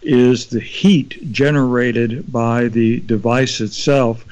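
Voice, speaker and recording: A man, a doctor guest on a radio show, answering in a measured way with fillers. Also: mid-range voice, steady tone, darkish tone, muffled recording.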